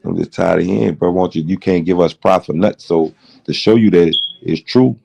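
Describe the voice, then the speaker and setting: A man's voice: sits low, steady tone, a little fast, vocal fry, mellow. A middle-aged man hosting a late-night livestream, rambling through a heated, profane story. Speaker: livestream host.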